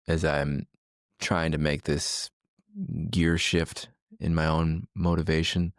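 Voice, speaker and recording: A man as a guest in a conversation, thoughtful and soft-spoken as he reflects. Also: rumbling low, dry recording, clean studio sound.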